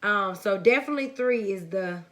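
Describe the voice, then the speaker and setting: A young woman from the United States telling a story-time vlog in a lively, chatty way, talking straight to her viewers. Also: medium pitch, normal speed. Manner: casual and chatty, calls viewers honey and baby. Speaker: vlogger.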